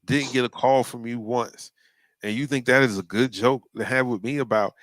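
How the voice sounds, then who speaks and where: A man's voice: mid-range voice, steady tone, moderate pace, a bit bright, no echo. A man in a casual chat, speaking bluntly and emphatically.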